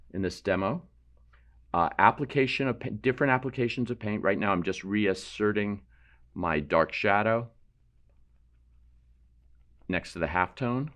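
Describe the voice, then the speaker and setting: Painting instructor, man, deep voice, relaxed explanatory studio demo. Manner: relaxed, explanatory, thinks aloud while painting, self-deprecating asides. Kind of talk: painting demonstration.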